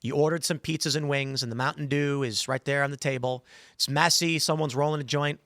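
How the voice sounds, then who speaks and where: A man hosting a podcast, telling stories in an animated way and acting out the voices in them. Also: fairly high pitch, fairly quick, no room sound, studio quality. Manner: animated storyteller, acts out quoted voices. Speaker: podcast host. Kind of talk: casual talk-show chat.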